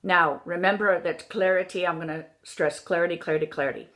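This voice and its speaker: A woman's voice: lowish voice, brisk, fairly bright tone. A woman teaching an accent lesson as a dialect coach, demonstrating sounds and repeating words to drill them.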